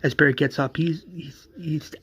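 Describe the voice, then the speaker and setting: A man casually retelling a fan story, rambling, repetitive and halting. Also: a little high, steady tone, a bit bright, husky.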